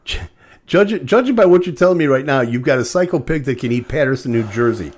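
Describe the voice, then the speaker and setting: A man co-hosting a casual comedy podcast, tossing out quick jokes and laughing along. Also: mid-range voice, expressive. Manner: jokey, laughing, quick quips. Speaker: podcast co-host.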